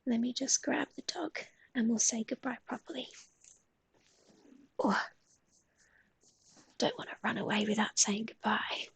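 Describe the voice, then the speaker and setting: A young adult woman with an Australian accent chats casually and affectionately on a live stream. Her voice is a little high, gravelly and breathy, with a measured pace and frequent pauses. She swears now and then and often drops to a half-whisper.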